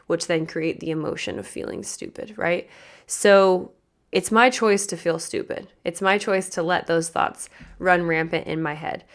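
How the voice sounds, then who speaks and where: Chatty young woman coaching pageant hopefuls. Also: fairly low pitch. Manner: energetic, chatty, asks the audience questions. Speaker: pageant coach and podcast host. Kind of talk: motivational solo podcast talk.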